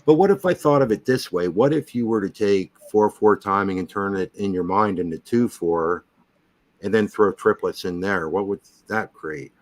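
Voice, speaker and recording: A man's voice: on the low side, moderate pace. A man in casual conversation who asks curious beginner questions and often restarts his sentences. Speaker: host. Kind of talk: casual chat.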